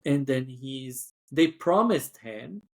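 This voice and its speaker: A man's voice: mid-range voice, lively intonation, takes it slowly. A man who works as cabin crew, telling a story in a chatty podcast style, full of "like" and acted-out voices. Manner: chatty, acts out quoted voices, frequent "like".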